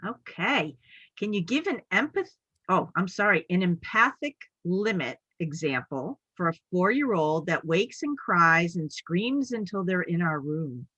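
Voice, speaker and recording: Bright, husky woman asking a question. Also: fairly low pitch, animated, a little slow, no echo, dull audio. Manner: questioning, corrects herself mid-word. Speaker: audience member asking a question.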